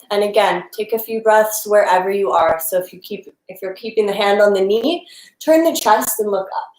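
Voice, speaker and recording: A young woman guides a live-streamed yoga class while moving along with it, her mid-pitched voice casual and encouraging. She sounds a little out of breath at times. The room around her is noticeably echoey. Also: darkish tone. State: slightly out of breath. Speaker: yoga instructor.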